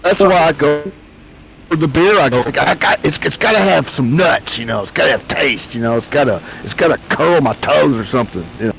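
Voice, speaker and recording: A man's voice: fairly high pitch, lively intonation, brisk, gravelly, a bit bright, low-quality recording. A man cracking jokes and rambling in casual chat on a game stream. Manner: joking, rambling. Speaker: stream guest.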